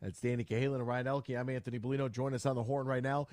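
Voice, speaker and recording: A man hosting a sports talk radio show, energetic and playful, bantering with a guest. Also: mid-range voice, rapid-fire, no echo, studio quality. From Michigan. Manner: energetic, lively, playful with quoted voices. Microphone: studio radio mic.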